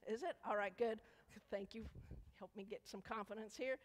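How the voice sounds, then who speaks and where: A woman's voice: a little high, fairly even intonation, moderate pace. A woman leading a children's sermon in a church, coaxing the kids with playful questions. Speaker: children's message leader. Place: church sanctuary. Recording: echoey church hall.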